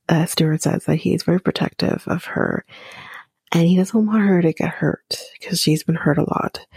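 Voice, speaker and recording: A woman softly recapping a reality dating show in a whispered ASMR style, halting with frequent ums and small laughs. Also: on the low side, vocal fry, husky, dry recording.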